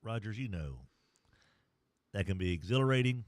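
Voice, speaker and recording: A man's voice: on the low side, expressive, normal speed, no echo. A man hosting a sports talk show, folksy and joking as he rambles through scores and a sponsor read. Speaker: sports talk radio host.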